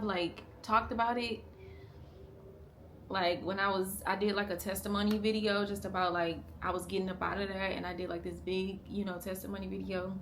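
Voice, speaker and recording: A young woman in her own family vlog, opening up to the camera in a halting, unscripted way. She keeps restarting, leans on "like" fillers, and sometimes drops to a hushed, strained tone. Her pitch sits at a middle level for a woman. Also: slight background noise. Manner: emotional, at times hushed and strained. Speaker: family vlogger. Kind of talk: candid confessional vlog talk.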